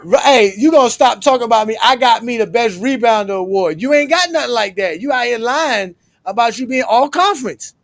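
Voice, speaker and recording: A man's voice: extremely high pitch, expressive, a little fast, few pauses, slight background noise. A male host ribbing his guest in a casual sports chat, rattling off old stats to tease him.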